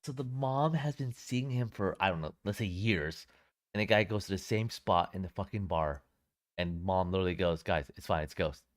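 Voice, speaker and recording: Deep-voiced man in casual chat. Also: normal speed. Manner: reacts and reads aloud from a phone search. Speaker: podcast co-host.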